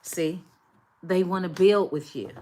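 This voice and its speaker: A woman's voice: fairly low pitch, unhurried, mellow, slight background noise. A woman doing a collective tarot reading, speaking emphatically and repetitively straight to her viewers. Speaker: tarot reader.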